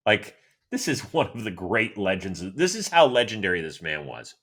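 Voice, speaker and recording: A middle-aged man from Cleveland hosting a solo sports show, answering listener questions in an animated, chatty storytelling way. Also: normal speed, breathy edge. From Cleveland, Ohio, USA. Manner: animated, chatty storyteller with lively swings in pitch. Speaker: host.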